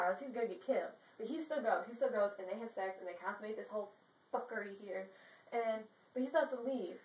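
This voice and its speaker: A woman's voice: fairly high pitch, recorded from a distance. A woman retelling a classic play as a crude, slangy comedy bit, recorded in a roomy space away from the mic. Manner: crude, brash and profane. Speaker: storyteller.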